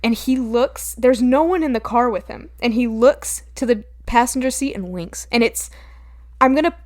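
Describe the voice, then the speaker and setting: A woman with a slightly high voice co-hosts a casual podcast while jet-lagged. She tells movie scenes in an animated, giggly way, jumping into quotes. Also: moderate pace. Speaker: podcast co-host. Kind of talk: casual podcast chat about a bad movie.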